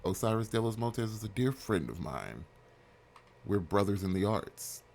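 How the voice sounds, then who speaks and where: A man voicing a smug, passive-aggressive male playwright in a life-sim game, with a low, creaky, lively voice. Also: normal speed, slight background noise.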